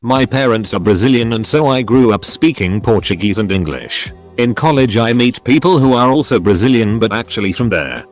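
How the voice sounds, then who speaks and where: A man reading short funny stories aloud as a scripted narration, with a lively storytelling delivery. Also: medium pitch, brisk, few pauses, soft background music.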